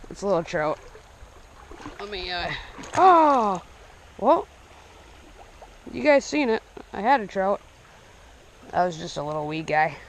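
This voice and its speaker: A young man narrating his fishing trip casually outdoors, breaking into excited outbursts when he hooks a fish. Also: high voice, slight background noise. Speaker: fishing vlogger. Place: outdoors by a small stream. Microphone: action camera. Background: running stream water.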